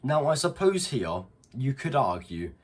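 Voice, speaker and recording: A man's voice: mid-range voice, very animated, a little slow, slightly rough. A man hosting an unscripted reaction video, talking bluntly with disbelief and swearing freely.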